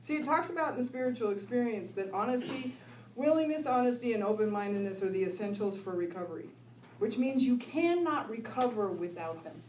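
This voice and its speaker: A woman's voice: a little high, lively intonation, fairly quick, a little mellow, slight background noise. A middle-aged woman telling her recovery story to an audience, laughing often and asking "right?" as she goes. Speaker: recovery speaker. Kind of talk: personal recovery talk to an audience. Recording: echoey room, voice from far off.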